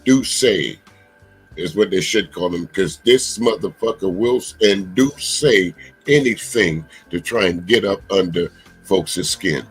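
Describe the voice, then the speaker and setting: Male stream host, low husky voice, animated and blunt, addresses viewers directly. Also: a little slow, soft background music, low-quality recording. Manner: animated, emphatic, profane, talks straight to viewers. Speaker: commentary channel host. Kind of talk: live-streamed political commentary.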